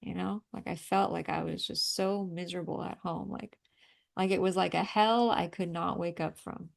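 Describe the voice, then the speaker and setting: A woman with a low, gravelly voice guides a group through a healing session. She coaches breathing and tapping in an emphatic, outspoken way and does not shy away from swearing. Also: fairly even intonation, normal speed. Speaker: energy healing facilitator. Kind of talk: guided energy clearing session.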